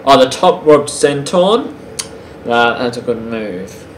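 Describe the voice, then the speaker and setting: A man casually reviewing a wrestling show for his channel, talking in a halting way with many pauses and restarts. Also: medium pitch, expressive. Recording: roomy with faint background hiss.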